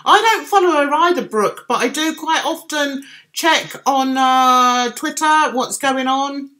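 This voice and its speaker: Cockney woman, middle-aged, unhurried chatty livestreamer with a bright voice. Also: high voice. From London, England. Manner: chatty, reads out and answers viewers' comments. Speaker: livestream host reading chat. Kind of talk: casual chat.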